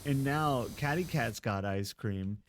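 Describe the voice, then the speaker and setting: A male streamer chats loosely with his viewers, breaking into giggles as he goes. He talks at an unhurried, drawn-out pace into a desk mic, with a faint hum underneath. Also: mid-range voice. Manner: playful and giggly, laughs often. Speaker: live streamer. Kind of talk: casual stream chat with viewers.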